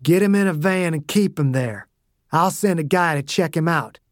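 A man voicing a gruff, terse older male agent who swears when angry. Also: fairly high pitch, normal speed, dry recording, studio quality, natural voice. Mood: commanding.

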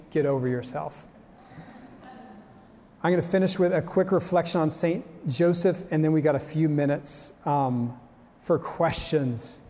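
A man giving an energetic, joking motivational talk on faith and work, firing off rhetorical questions to a live audience. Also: fairly high pitch. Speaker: speaker at a young professionals' faith event. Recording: live talk in a reverberant hall.

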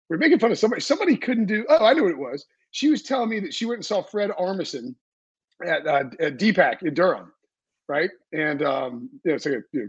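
Man, podcast host, husky, close and dry, rambling casual chat. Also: on the high side, dry recording, highs cut off. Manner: rambling, energetic, many fillers and restarts.

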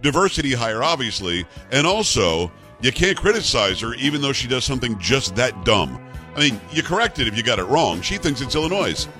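A man's voice: medium pitch, sing-song, a little fast, pushed and bright, soft background music. A man hosting a political talk radio show, speaking indignantly and sarcastically into a studio mic.

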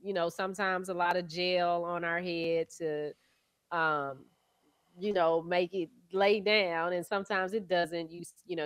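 Chatty Southern woman with a low voice. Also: clean tone, no echo, studio quality. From Texas. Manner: chatty, explaining with warm asides. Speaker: radio show co-host. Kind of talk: casual morning show chat.

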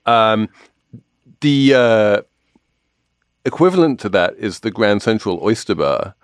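A man's voice: lowish voice, animated, slow, clean tone, dry recording, studio quality. A man hosting a podcast in casual chat, explaining things with confident asides. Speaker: podcast host.

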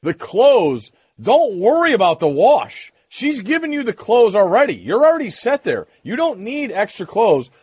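Lively teasing man co-hosting. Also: high-pitched, breathy edge, lo-fi sound. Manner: teasing, gives rapid tips. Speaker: podcast co-host. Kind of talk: casual chat.

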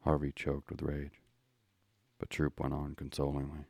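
A man calmly narrating a classic sea novel as a bedtime story. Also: a bass voice, normal speed, creaky, husky, no echo.

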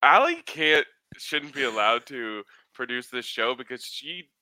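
A man's voice: medium pitch, animated, unhurried, sharp tone, no echo. A man hosting a casual sports podcast, joking and trash-talking as he runs through betting picks. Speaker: podcast host giving hockey betting picks.

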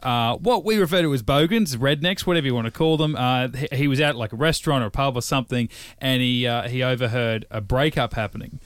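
Australian male co-host, mid pitch, laid-back anecdotes, dry recording. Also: fast talker, no room sound. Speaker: podcast co-host. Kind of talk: casual chat.

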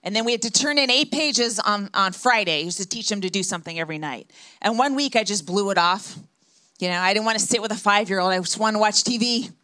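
A woman in her forties doing a stand-up set on a club stage, delivering dry, deadpan punchlines into a handheld mic. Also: mid-range voice, fast talker. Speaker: stand-up comedian.

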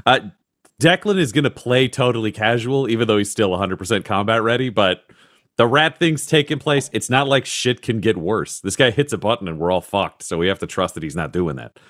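A man's voice: on the low side, animated, a little fast, fairly bright tone, no echo, studio quality. A man playing a tabletop game, blunt and casually swearing. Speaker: player.

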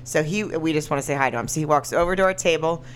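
Woman podcast co-host, thirties, lively storyteller with sudden high quoting bursts, faint hiss. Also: fast talker. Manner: animated, laughing, jumps up high when quoting. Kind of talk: casual chat, storytelling.

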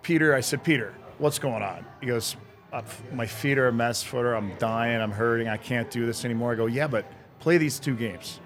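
An animated man telling a story casually, switching into quoted voices and laughing through it. His pitch sits in an ordinary middle range. Faint music plays behind him. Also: brisk. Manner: animated, acts out dialogue, laughs often. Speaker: former hockey player telling stories.

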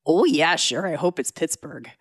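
Playful woman announcer, lively voice. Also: sits low, moderate pace, husky, no echo, clean studio sound. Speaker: radio show announcer. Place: work office.

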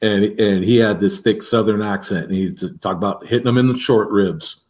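A man's voice: lowish voice, steady tone, fairly quick. A man who coaches defensive line, talking casually on a podcast and walking through technique step by step, often restarting his sentences.

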